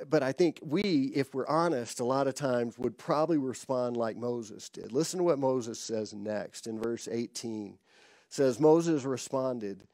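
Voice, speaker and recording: A man's voice: medium pitch, unhurried, mellow, dry recording, clean studio sound. A man preaching a conversational sermon, laughing now and then and acting out quoted dialogue. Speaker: pastor.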